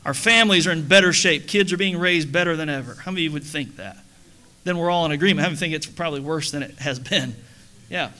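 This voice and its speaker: A middle-aged man preaching from the pulpit, his voice sitting a little high with a bright, forceful edge. He keeps it conversational, throwing questions and jokes to the congregation. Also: quick pace. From United States. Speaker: pastor. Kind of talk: sermon. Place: church sanctuary.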